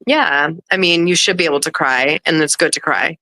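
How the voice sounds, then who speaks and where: Casting: woman in her thirties, casual livestream co-host, blunt and profane, bright tense voice, lowish pitch, dry close sound. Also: fairly quick, dry recording, poor audio. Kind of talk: casual chat.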